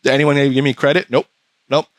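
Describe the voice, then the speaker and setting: A man's voice: on the high side, little pitch movement, fast, no echo. A man hosting a podcast, ranting profanely in casual chat and slipping into mocking voices. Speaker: podcast host.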